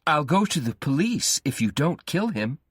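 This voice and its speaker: A man's voice: fairly high pitch, very animated, normal speed, breathy edge, dry recording, clean studio sound, voice pushed up. A man reading a story aloud, voicing an obsessive, menacing young man who pleads and threatens. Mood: insistent.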